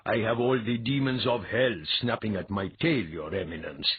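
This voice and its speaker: A man's voice: lowish voice, animated, normal speed, breathy edge, dry recording, phone-quality sound. A man reading as a grave, wry priest envoy. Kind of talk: audiobook character voice.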